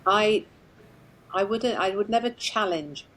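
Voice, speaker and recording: A woman psychologist speaking as a guest in a conversational interview, expressive and emphatic, often laughing as she talks. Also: medium pitch, takes it slowly, low-quality recording.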